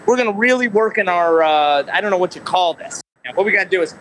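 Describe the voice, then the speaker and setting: A man's voice: sits high, lively intonation, fast talker, a bit bright, slight background noise, low-quality recording. Upbeat man coaching a stranger outdoors. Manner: pushy, upbeat, coaxing. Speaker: podcast co-host doing a street segment.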